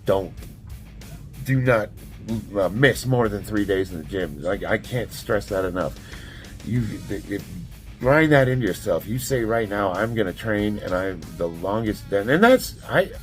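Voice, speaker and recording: Blunt plainspoken man, deep voice, casual motivational vlog delivery. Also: animated, a little slow, faint music behind. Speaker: strength athlete giving life advice. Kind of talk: casual motivational talk to camera.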